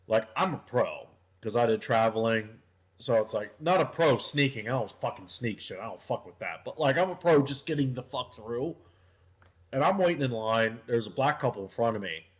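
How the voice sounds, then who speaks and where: A man's voice: mid-range voice, lively intonation, moderate pace. Rambling, profane young man telling stories. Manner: profane, rambling storyteller, drops to mutters. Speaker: podcast co-host. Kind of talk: casual chat.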